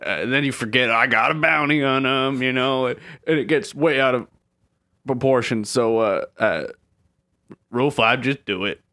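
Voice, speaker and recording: A man's voice: mid-range voice, normal speed. A man doing a dim, blunt bounty hunter. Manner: broken simple phrasing, flat blunt delivery. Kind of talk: improvised comedy sketch.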